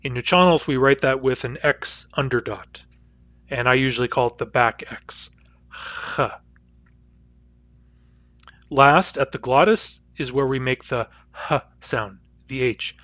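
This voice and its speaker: Male instructor, patient phonetics lecture, mid-pitched, dry close sound, models each sound aloud. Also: normal speed, fairly bright tone, dry recording, highs cut off. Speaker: language teacher.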